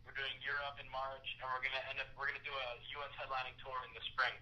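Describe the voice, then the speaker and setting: A man's voice: medium pitch, monotone, fast talker, pushed and bright, slight background noise, rough recording. A young man, a touring musician, joking crudely and playfully as a guest on a live webcast. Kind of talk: casual crude banter.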